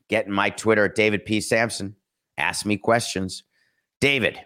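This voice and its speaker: A man's voice: fairly low pitch, a bit bright. A middle-aged man hosting a sports talk show, commenting casually with sarcastic, mocking asides. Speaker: sports talk podcast host.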